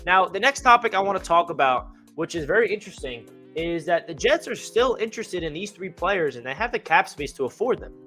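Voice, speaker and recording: A young man talking casually and with excitement about his football team, rambling and full of fillers, with hiccups. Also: high voice, brisk, hardly any pauses, soft background music. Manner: rambling, enthusiastic, many fillers. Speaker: fan channel host.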